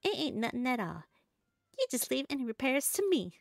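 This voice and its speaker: A woman's voice: sits high, sing-song, brisk, vocal fry, no echo, clean studio sound, heavily acted. A woman voicing a folksy miner dad from a game, reading his lines in a put-on Southern US accent. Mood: easygoing. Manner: drawling, folksy, laid-back. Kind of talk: reading game dialogue aloud.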